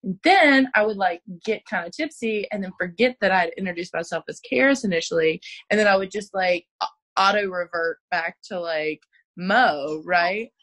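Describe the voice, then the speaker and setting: A young woman from North Carolina, a stand-up comedian guest, telling jokey stories in animated chat. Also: fairly low pitch, normal speed. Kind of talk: casual chat.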